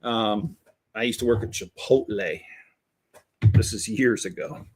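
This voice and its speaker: A middle-aged man, a Lego builder who hosts his own channel, chats casually and candidly while he builds. His voice is lowish and his pace measured, with a little hiss or hum in the recording. He rambles, restarting often and wandering into asides.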